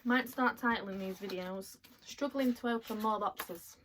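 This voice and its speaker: A woman chatting casually as she unboxes items at home, excitable and quick to laugh. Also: medium pitch, slight background noise. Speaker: vlogger. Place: at home, in a bedroom.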